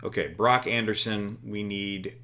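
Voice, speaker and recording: A man's voice: lowish voice, fairly even intonation, measured pace, bright, forceful tone. A man co-hosting a casual game session, thinking aloud with fillers and jokes. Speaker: co-host. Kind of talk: casual chat while playing a booking game.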